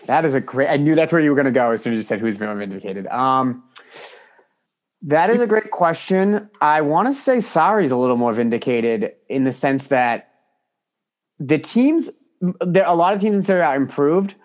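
A man's voice: a little high, big pitch swings, moderate pace. A man co-hosting a football podcast in casual chat, easygoing and thoughtful, hedging his answers. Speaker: podcast co-host.

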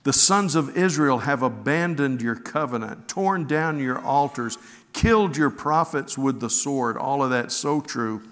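A man's voice: medium pitch, a bit bright. A man preaching a sermon, reading scripture and telling stories in an earnest way, often restarting with repeated words. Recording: long hall reverb.

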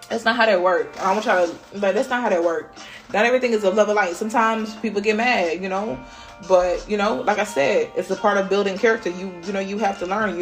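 A woman hosting a podcast, giving a casual spiritual pep talk in a blunt, profane way. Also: mid-range voice. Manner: blunt and profane, swears freely. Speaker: podcast host.

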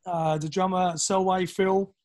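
Lively East London storyteller man. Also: sits high, measured pace. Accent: London English. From East London, England. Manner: animated, acts out quoted voices, swears casually. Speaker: podcast guest, drummer. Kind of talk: casual storytelling.

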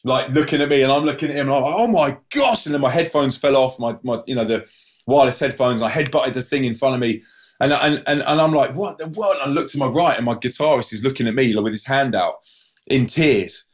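Male guest, storyteller; animated, restarts often, jumps into high yelps when quoting others. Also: fast talker. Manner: acts out voices with sudden high yelps; many restarts and repeated words.

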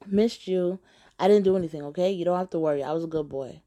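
A woman voicing her young boyfriend, a defensive and dismissive young man, with a flat, offhand, slightly lowered voice. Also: fast, natural voice. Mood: coaxing.

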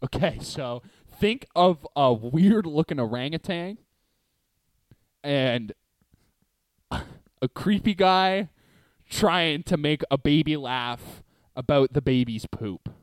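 Brief: young male podcast co-host, slightly high voice, lively and rambling, dry close sound. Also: slow, long pauses, no echo. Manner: joking, rambling, laughs often. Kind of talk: casual chat.

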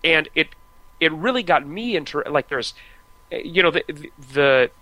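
A man's voice: fairly high pitch, lively intonation, measured pace, sharp tone, dry recording, poor audio. An American man talking casually about video games as a podcast co-host, chatty and full of restarts and fillers. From United States. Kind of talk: casual video game discussion.

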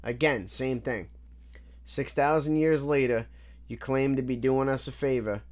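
A man's voice: medium pitch, fairly even intonation, unhurried, darkish tone. A man casually breaking down rap lyrics line by line, analytical and repetitive, often restarting his sentences. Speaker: music reviewer.

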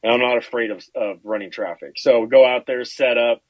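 Male podcast host, animated and profane, acts out quotes; dry, slightly lo-fi recording. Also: mid-range voice, a little fast, no room sound. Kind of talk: casual storytelling chat.

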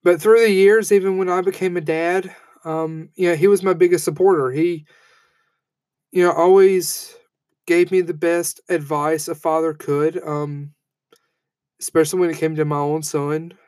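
A man in his thirties delivers a heartfelt eulogy in a fairly high voice. He speaks haltingly, with many fillers and false starts, and the sound is dry and close. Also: flat delivery, a little mellow, no echo. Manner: halting, with frequent fillers and restarts; heartfelt and emotional. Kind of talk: personal eulogy speech.

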